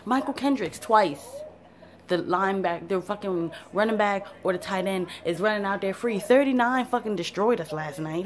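A woman's voice: medium pitch, expressive, moderate pace. Fired-up cursing woman football fan. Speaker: sports fan vlogger. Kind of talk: profane football rant to camera.

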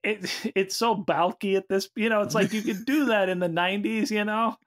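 A man co-hosting a casual podcast chat, joking and teasing, with halting restarts. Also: high-pitched, fairly bright tone. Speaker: podcast co-host.

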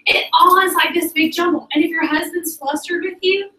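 A woman's voice: extremely high pitch, moderate pace. A woman gives a chatty motivational talk to a group as a sales director, often calling them "y'all". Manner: chatty, animated, addresses the audience as "y'all". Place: meeting room with an audience. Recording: roomy sound from a distance.

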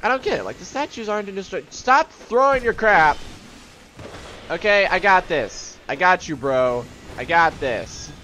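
A man's voice: a little high, brisk, hardly any pauses, slight background noise. A man hosting a casual let's-play, joking and calling out to his teammates. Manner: animated, jokey, talks to teammates. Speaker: gaming video host.

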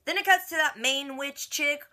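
This young woman's high voice sounds pushed and bright as she casually recaps a TV episode at a moderate pace. A reaction vlogger, she's chatty and slangy, with "like" sprinkled throughout.

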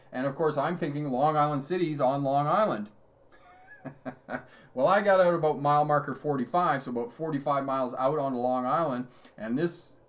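A middle-aged man, a driving instructor, giving a live lesson, telling road stories with chuckles and reading out viewer questions. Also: medium pitch. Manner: conversational, storytelling with chuckles. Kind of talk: live-streamed lesson answering chat.

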